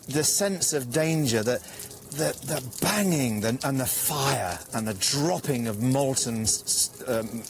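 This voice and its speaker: An older man from a small English town, telling family stories in an animated way that often trails off and restarts. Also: mid-range voice, a little hiss or hum. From Ilkeston, England. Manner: animated storyteller, restarts and trails off when excited. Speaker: guest exploring his family history. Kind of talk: casual documentary conversation.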